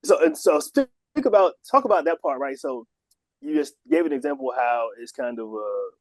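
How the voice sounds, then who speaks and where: A podcast co-host chatting casually and putting in quick jokes. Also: medium pitch, lively intonation, no room sound, low-quality recording. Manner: quick joking interjections, frequent laughter.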